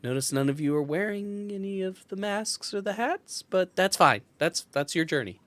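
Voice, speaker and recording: A woman's voice: mid-range voice, expressive, moderate pace, a bit bright, no room sound, lightly acted. A woman voicing a nervous, loyal male assistant in a tabletop role-play, stammering and deferential toward his master.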